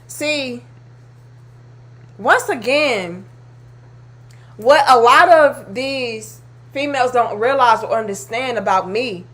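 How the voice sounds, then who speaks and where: Woman w/ ranting on her commentary show, high pitched, blunt and fed up. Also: expressive, takes it slowly, pauses often, fairly bright tone. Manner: blunt, heated and exasperated, swears freely. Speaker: commentary video host. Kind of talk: reacting to clips, ranting commentary.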